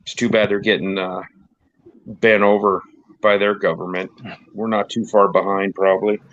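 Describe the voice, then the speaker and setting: A man's voice: on the low side, flat delivery, normal speed, dry recording. Rambling American man telling road stories. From United States. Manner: rambling storyteller, laughs often. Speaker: podcast host. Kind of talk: casual chat. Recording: dull lo-fi dry recording.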